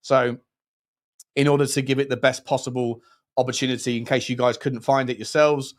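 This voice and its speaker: A man's voice: medium pitch, little pitch movement, a little fast. Give me a man hosting a football channel, rambling and joking through a casual livestream chat. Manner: rambling and jokey, lots of restarts.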